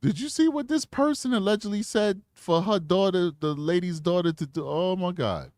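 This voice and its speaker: A man's voice: sits high, expressive, normal speed, darkish tone, no room sound, studio quality. A man hosting a true crime channel, commenting bluntly in slangy casual talk while reading posts aloud.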